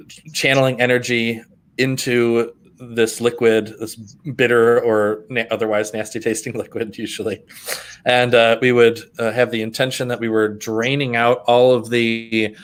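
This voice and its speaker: Brief: male podcast co-host, mid-pitched voice, rambling and hesitant, full of ums and restarts. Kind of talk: casual spiritual chat.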